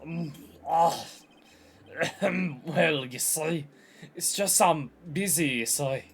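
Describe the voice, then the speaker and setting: A man's voice: a little high, slow, a little hiss or hum. A man voicing a pompous elderly male lawyer in a wobbly mock-Scottish lilt, calling people "boy" and "laddie". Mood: evasive.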